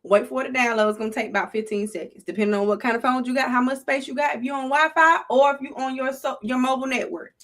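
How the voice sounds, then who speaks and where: A woman's voice: sits high, steady tone, quick pace, few pauses, a bit bright. A middle-aged woman with a Southern US accent, hosting a casual livestream in a playful, preachy way and talking to her chat. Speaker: livestream host.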